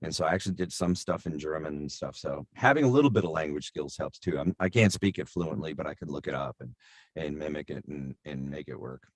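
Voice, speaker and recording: A man's voice: extremely low pitch, brisk, dry recording, studio quality. A middle-aged man, a voice actor, telling stories in a casual interview, rambling with many fillers and restarts. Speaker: voice actor guest.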